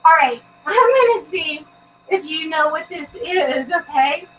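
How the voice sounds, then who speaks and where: Casting: very high, bright-voiced woman host, slow and drawn out, giggly, cussing, bubbly chat. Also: expressive, distant mic, soft background music, rough recording. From Texas. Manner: giggly, bubbly, swears a lot. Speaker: paranormal show host. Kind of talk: casual live-stream chat.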